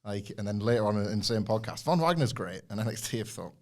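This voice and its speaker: A man co-hosting a wrestling podcast, jokey and quick to laugh. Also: on the low side, animated, a little mellow. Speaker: podcast co-host. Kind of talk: casual chat.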